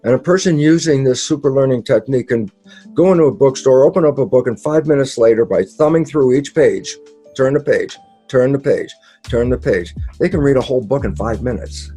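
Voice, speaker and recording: Male interview guest with a mellow, mid-pitched voice. Lively storyteller who acts out his own quotes, over faint background music. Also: a little fast, breathy edge. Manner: emphatic and repetitive, with occasional laughs and mild swearing. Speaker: guest speaker, biologist. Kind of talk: conversational explanation in an interview.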